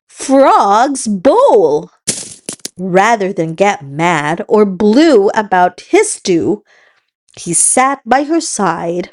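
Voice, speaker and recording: A woman hosting a children's read-aloud, telling the story in a slow, encouraging teacher's manner. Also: fairly high pitch. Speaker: children's book reader and host.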